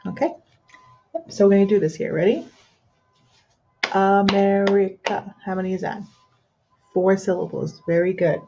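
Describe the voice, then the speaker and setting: A woman teaching a pronunciation lesson to an imagined class, pausing for their answers and using plenty of fillers like "uh" and "um". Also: mid-range voice, warm tone, faint music behind. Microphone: screen recorder with built-in microphone. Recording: dull lo-fi screen recording.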